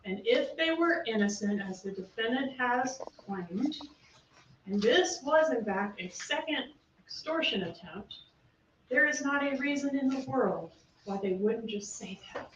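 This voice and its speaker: A woman prosecutor giving a closing argument to a jury, pressing her points with rapid rhetorical questions, heard through a distant courtroom feed. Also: fairly high pitch, lively intonation. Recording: roomy, distant, muffled courtroom feed with faint hiss.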